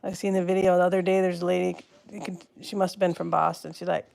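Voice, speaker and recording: A woman's voice: on the low side, level tone, fast, gravelly, darkish tone. A woman hosting a casual live stream from home, rambling, breaking off mid-word and talking to her pets. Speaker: live-stream host chatting with viewers.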